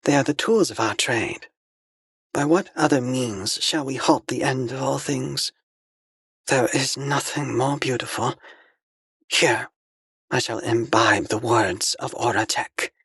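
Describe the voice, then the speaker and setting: A man's voice: mid-range voice, slow pace, fairly bright tone, slightly rough, dry recording, pitched above the performer's own voice, full character voice. A man voicing a blindfolded alien woman emissary, a serene fanatic who speaks in solemn ritual pronouncements. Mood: serene menace.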